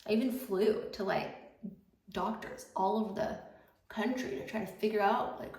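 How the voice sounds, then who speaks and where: At home, a woman in her thirties records a casual get-ready-with-me chat for YouTube, speaking chattily with lots of fillers. Her voice is mid-range and a little mellow at a moderate pace, and the audio carries a roomy echo and faint background noise.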